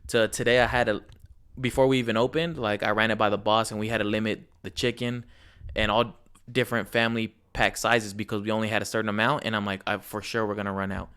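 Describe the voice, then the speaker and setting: Male co-host, low voice, smooth tone, laid-back and swears a lot. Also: level tone, quick pace, a bit bright. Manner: blunt and profane, laid-back. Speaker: podcast co-host; grocery store worker. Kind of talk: casual chat.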